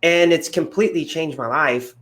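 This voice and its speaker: Rambling man host, slightly high voice. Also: a bit bright. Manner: rambling, halting questions with fillers. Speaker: podcast host. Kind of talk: casual interview talk.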